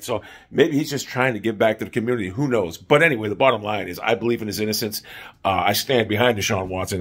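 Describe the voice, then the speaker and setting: A man's voice: mid-range voice, fairly bright tone, slightly rough. A man delivering an opinionated solo sports commentary, emphatic and self-assured, repeating his main point.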